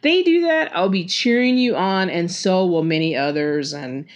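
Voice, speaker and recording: A woman's voice: on the low side, expressive, normal speed. A woman with a Texan accent telling fan stories on a casual podcast, chatty and full of fillers and laughs. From Texas. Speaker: podcast host.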